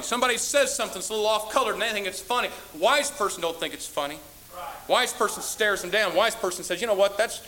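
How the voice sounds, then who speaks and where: Fiery high-voiced preacher man. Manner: fiery, scolding, rising to shouts. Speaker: pastor. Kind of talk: sermon.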